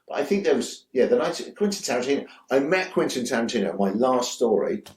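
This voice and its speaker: A man's voice: medium pitch, sing-song, fairly quick, darkish tone, reverberant. A man, a guest director telling rambling, enthusiastic stories in a casual interview, swearing freely. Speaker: guest, music video director.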